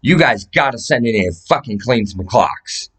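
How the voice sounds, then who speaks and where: A man's voice: on the low side, animated, moderate pace, a bit bright, breathy edge, poor audio. A man talks straight to the camera in a long, rambling rant. He swears constantly, pleads urgently and jumps between subjects. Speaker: vlogger.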